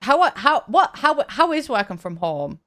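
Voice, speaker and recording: A young woman chatting and laughing while she streams a game, talking in halting bursts with frequent restarts. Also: fairly high pitch, big pitch swings, fairly bright tone. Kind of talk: casual live-stream chat while gaming.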